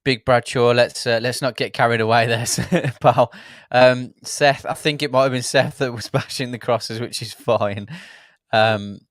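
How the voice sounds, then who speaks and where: Male host, mid-pitched, chatty, reads comments, dry audio. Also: steady tone, a little slow, dry recording. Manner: chatty, reads viewer comments, laughs often. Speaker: fan show host. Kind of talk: live football watchalong chat.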